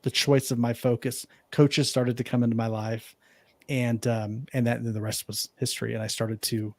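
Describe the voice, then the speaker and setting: A man's voice: medium pitch, level tone, moderate pace, darkish tone, no echo, studio quality. A man being interviewed as a guest, telling a personal story in an earnest, reflective way. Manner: earnest, reflective, acts out remembered dialogue. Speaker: podcast guest, life coach.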